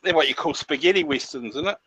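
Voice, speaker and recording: A man's voice: fairly high pitch, fast talker, bright, forceful tone, husky, dry recording. A man with an Australian accent chatting casually and teasing in an online group call. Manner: easygoing, teasing banter. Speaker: chat participant.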